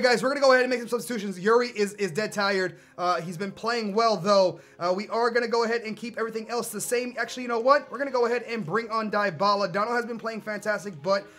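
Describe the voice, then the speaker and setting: A young man commentating his own video game match, getting excitable and yelling at the screen, then chatting casually to viewers. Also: high-pitched. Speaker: gaming YouTuber. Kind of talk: live gameplay commentary.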